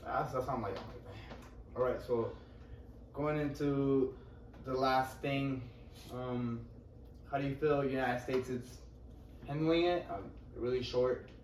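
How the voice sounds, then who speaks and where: A man's voice: mid-range voice, steady tone, unhurried, pauses often, a little mellow, a little hiss or hum. Casual young male podcast host, echoey. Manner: casual, leading the questions. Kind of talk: casual chat. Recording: echoey room, mic at a distance.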